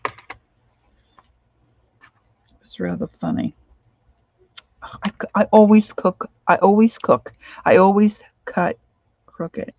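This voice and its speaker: In a medium-pitched, slightly mellow voice with fairly even intonation and a measured pace, a woman chats casually over her craft project. She's a sleep-deprived crafting vlogger who rambles and hums or sings bits to herself. The home recording is dull and lo-fi, with no room sound.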